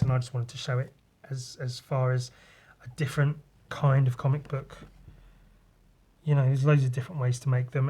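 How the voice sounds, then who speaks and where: Rambling man talking through his comics. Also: fairly high pitch. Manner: loose and rambling, swears, mimics sound effects. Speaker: podcast host. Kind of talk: casual chat walking through comic pages.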